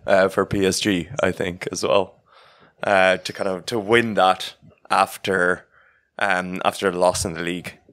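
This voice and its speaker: A man with a somewhat low voice chats on a podcast, working his thoughts out aloud. He pauses often and fills the gaps with hesitations. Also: flat delivery, a bit bright. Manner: hesitant, thinking aloud with many fillers. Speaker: podcast co-host. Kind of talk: casual chat.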